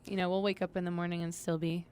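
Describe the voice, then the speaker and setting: A woman singer and band leader, a little hoarse from losing her voice, chatting softly in a radio studio interview. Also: on the low side, flat delivery, fast. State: hoarse from a lost voice. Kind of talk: casual interview chat.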